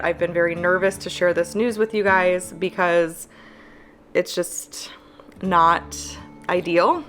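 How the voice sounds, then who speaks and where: A woman in her thirties with a small business, talking candidly to camera, earnest and halting with fillers. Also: lowish voice, fairly bright tone. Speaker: planner business owner.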